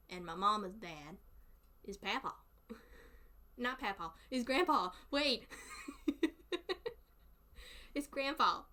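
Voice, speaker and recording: A woman's voice: mid-range voice, pushed and bright. A chatty woman with a thick Southern US accent, laughing often as she talks casually with her stream followers. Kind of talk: casual chat.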